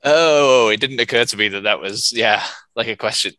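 A man's voice: medium pitch, moderate pace, pushed and bright, dry recording. A man from the UK, a podcast guest chatting in a dry, understated way. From United Kingdom. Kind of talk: casual podcast chat.

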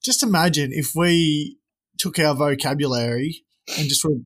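A young Australian man co-hosting a podcast, rambling in relaxed casual banter. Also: a little high, moderate pace. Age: young adult. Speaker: podcast co-host.

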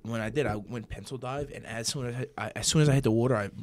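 A man's voice: mid-range voice, rapid-fire. A man in casual podcast chat who chimes in with matter-of-fact stories.

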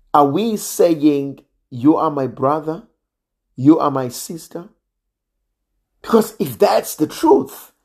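A man preaching a sermon in a slow, measured way, sometimes dropping almost to a hush for emphasis. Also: on the high side, slightly rough. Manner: slow and measured, drops to near-quiet emphasis.

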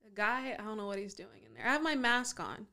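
A woman's voice: medium pitch, big pitch swings, fast talker, creaky, pushed and bright. A woman chatting casually as a podcast co-host, opinionated and teasing. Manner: opinionated, teasing, talks over her partner. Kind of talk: casual chat.

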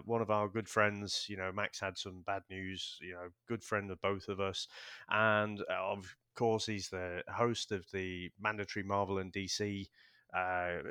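A man co-hosting a casual movie podcast, excitable and swearing, often restarting his sentences. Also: fairly low pitch, smooth, no room sound, clean studio sound. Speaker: podcast co-host. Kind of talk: casual chat.

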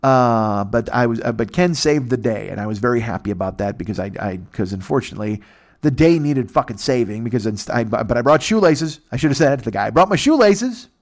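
An American man with a medium-pitched voice tells a long comic story in casual chat, speaking fairly quickly. He's animated and profane and puts on voices for the people in the story.

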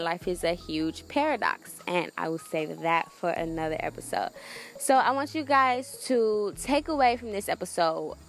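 A young woman hosting a solo podcast, talking in a casual, earnest and rambling way with many fillers and restarts. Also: mid-range voice. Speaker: podcast host.

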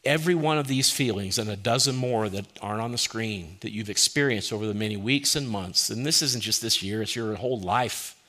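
A man preaching a sermon as pastor, asking many rhetorical questions and dropping to a soft, quiet voice when he quotes. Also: on the low side, a little fast, hardly any pauses.

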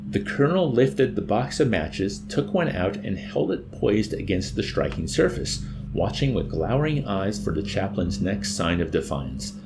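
A man narrating an audiobook with an expressive, dramatic reading. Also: fairly low pitch, normal speed, hardly any pauses, noisy background.

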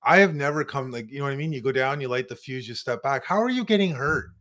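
A man from Canada trades jokes with his co-host in casual podcast banter. His pitch moves in lively swoops as he teases and mocks himself, and his voice sits in a middle register. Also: quick pace. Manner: joking, animated, self-mocking.

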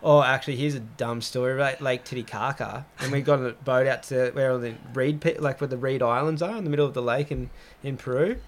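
A young man chats on a podcast in an easy, mid-pitched voice. He tells stories with lots of "like" and jumps up high when he acts out what his mates said. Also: quick pace. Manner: animated storyteller, heavy use of "like", acts out quotes with rising pitch. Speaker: podcast host. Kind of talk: casual chat.

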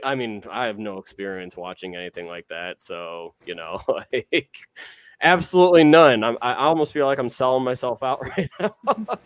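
A man's voice: mid-range voice, a bit bright, no echo. A young man co-hosting a podcast, talking in a rambling, casual way with many fillers and some swearing. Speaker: podcast co-host. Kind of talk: casual chat.

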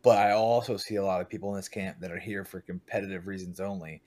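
Casual podcast talker, male, young adult, lowish pitch, profane, animated storyteller. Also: fast talker. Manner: blunt, swears a lot, animated storytelling. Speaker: podcast guest, paintball team captain.

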